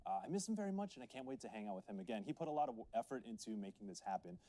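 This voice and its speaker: A man's voice: medium pitch, big pitch swings, rapid-fire, mellow. A man from Southeast San Diego on a games panel, talking earnestly with many fillers. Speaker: panel guest, games journalist. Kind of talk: casual panel chat.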